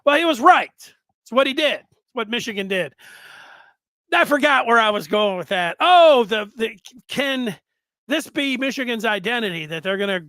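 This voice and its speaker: A man's voice: very high voice, expressive, normal speed, pushed and bright, no room sound. A man in his fifties hosting a sports podcast, talking in a rambling, conversational way with asides and restarts. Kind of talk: casual sports podcast commentary.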